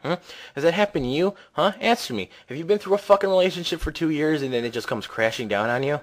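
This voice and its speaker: A nineteen-year-old man in an angry, profane rant, breaking into shouts. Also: a little high, expressive, quick pace, a little hiss or hum, low-quality recording. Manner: furious, profane, bursts into shouting.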